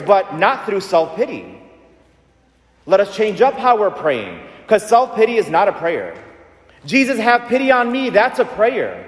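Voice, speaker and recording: High-voiced preacher in an echoey church. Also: male voice. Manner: call-and-response preaching, repetitive and emphatic. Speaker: pastor. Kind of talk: sermon. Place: large church.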